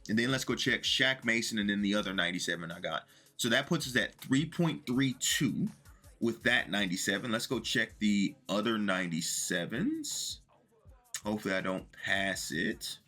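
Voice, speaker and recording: A man casually talking viewers through a video game, chatty and working through his math out loud. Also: fairly low pitch, sing-song, moderate pace, faint music behind. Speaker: gaming video creator. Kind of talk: casual commentary to viewers while opening packs.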